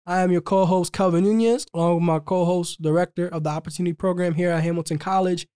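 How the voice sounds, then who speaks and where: Young male podcast co-host, easygoing and chatty, slangy, quick to laugh. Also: high voice, fairly even intonation, mellow, clean tone. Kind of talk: casual chat.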